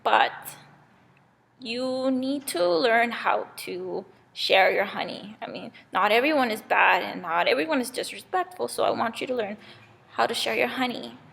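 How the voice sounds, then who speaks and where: A woman's voice: fairly high pitch, animated, measured pace, gravelly, fairly bright tone, husky, full character voice. A woman playing a stern king of the gods. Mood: instructing. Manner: scolding, firm. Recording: long reverb in a hall.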